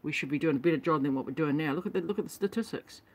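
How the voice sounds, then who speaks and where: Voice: mid-range voice, racing. A vlogger gives an indignant rant while reading out statistics. The speaker stumbles, restarts words and apologises while reading, and keeps calling things ridiculous. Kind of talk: ranting commentary reading statistics.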